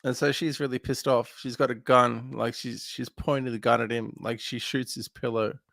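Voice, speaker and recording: A man with a very gravelly, creaky voice recaps a film plot casually. He wanders through the story with lots of ums. The sound is close and dry, with no room behind it. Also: medium pitch, level tone, moderate pace, a bit bright, no room sound. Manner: meandering, filler-heavy retelling. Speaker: film podcast co-host.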